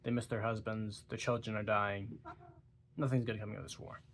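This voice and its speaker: A man's voice: on the low side, little pitch movement, moderate pace, fairly bright tone. A tired, yawning young man talking casually about a book, rambling with stumbles and giggles. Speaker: book reviewer. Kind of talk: casual book talk vlog.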